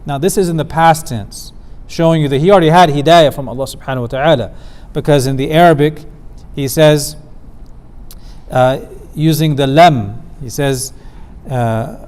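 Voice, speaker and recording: A man teaching a theology lecture at a community center, explaining verses in a measured way and slowing down for quoted lines. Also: fairly high pitch, a little mellow. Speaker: Islamic studies teacher.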